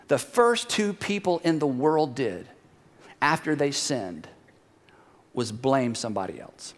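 A male pastor giving a sermon in a church, animated and conversational, dropping to hushed emphasis on key points. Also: fairly high pitch, a little slow, long reverb tail. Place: church sanctuary.

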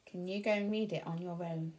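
A woman teaching a phonics reading lesson to young children, slow, clear and encouraging. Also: fairly low pitch, fairly even intonation, darkish tone.

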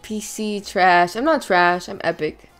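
A young woman streaming a game with a friend, loud and giggly, shrieking one moment and mumbling low the next. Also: unhurried, faint music behind. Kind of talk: casual gaming stream chat.

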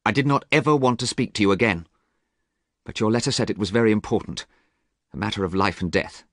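A man's voice: fairly low pitch, fast, a bit bright, no room sound, studio quality, voice pushed up. A man voicing a frightened young scientist who angrily refuses. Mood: angry. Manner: defensive, refusing.

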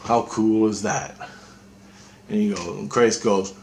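A man's voice: fairly low pitch, little pitch movement, slow pace, gravelly, darkish tone. A man vlogging a rambling, intense spiritual monologue, swearing freely.

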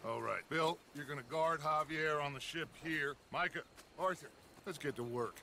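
An actor playing a grandiose middle-aged gang leader in a video game, giving orders in a formal, orotund way. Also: male voice, a little high, normal speed, gravelly, bright, forceful tone, a little hiss or hum. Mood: commanding.

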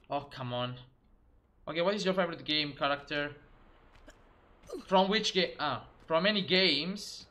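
Bright-voiced male game streamer. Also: on the high side, unhurried, long pauses. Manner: chatty, exclaiming at the game, talking to chat. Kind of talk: live game stream commentary.

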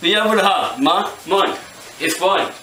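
A young man acting out an improvised toy puppet skit, playful and excitable, with sudden shouts. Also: high-pitched, unhurried, slight background noise. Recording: echoey room, mic far off.

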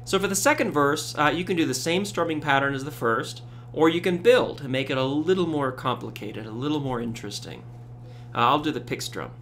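A man giving a casual ukulele tutorial, relaxed, with frequent fillers, counting beats aloud. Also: on the high side, a little fast, a little hiss or hum. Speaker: ukulele teacher. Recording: loud ukulele under voice. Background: ukulele strumming.

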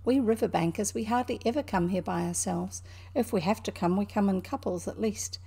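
A brave, kindly male water rat from a storybook, as a woman reader puts him on, brisk and soothing, with a New Zealand accent. His voice is mellow and husky, with a gravelly texture. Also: mid-range voice. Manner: brisk and reassuring.

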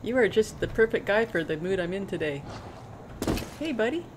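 A woman's voice: medium pitch, animated, moderate pace, background noise. A woman giving casual gameplay commentary, chatting to her in-game pet companion as she plays. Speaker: let's play gamer.

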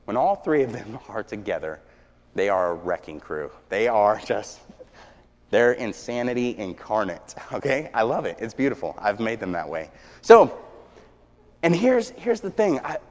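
A man preaching a sermon, telling stories with energy that swings from hushed to shouting. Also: fairly low pitch, big pitch swings, normal speed. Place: church sanctuary. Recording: long church reverb.

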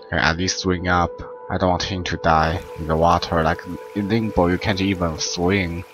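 Deep-voiced young man doing game commentary. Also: normal speed, rough recording. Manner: excitable, swears, broken English. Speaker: gameplay commentator. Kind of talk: let's play commentary. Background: game music.

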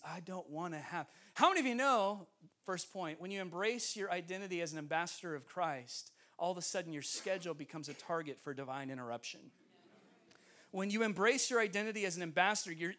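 A man preaching as a guest speaker in a church, telling a story with lively acted-out dialogue. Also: sits high. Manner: animated, acts out dialogue, laughs often. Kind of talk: storytelling sermon. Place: church sanctuary.

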